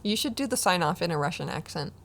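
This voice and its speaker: A woman's voice: fairly low pitch, lively intonation, quick pace, gravelly, fairly bright tone, slight background noise. A woman co-hosting a true crime podcast, reacting with incredulity. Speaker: podcast co-host.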